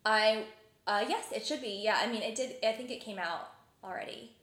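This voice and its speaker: A woman's voice: medium pitch, moderate pace, a bit bright, reverberant. A young woman co-hosting a podcast, chatting casually about films and filling her talk with "like". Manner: chatty, many fillers like "like". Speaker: podcast co-host.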